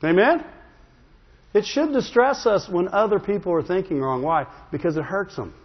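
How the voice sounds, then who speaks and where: A man with a high voice preaches in a church sanctuary, and his words ring out with a long reverb. He tells the story in a humorous, conversational way and keeps asking the congregation "Amen?" The recording sounds slightly dull. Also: animated, normal speed, slightly rough. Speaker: pastor. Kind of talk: sermon.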